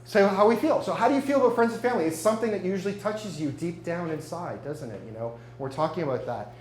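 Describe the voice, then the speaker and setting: A man's voice: high-pitched, lively intonation, fast, darkish tone. A man giving a live presentation to an audience, chatty and jokey, often asking the room questions. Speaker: speaker at a marketing meetup. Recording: echoey room, faint hum.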